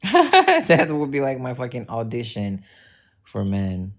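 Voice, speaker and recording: A woman's voice: a bass voice, huge pitch swings, slow pace. A woman streamer chatting casually with her viewers, blunt, joking and swearing freely as she talks back to the chat. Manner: addresses chat directly. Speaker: livestreamer.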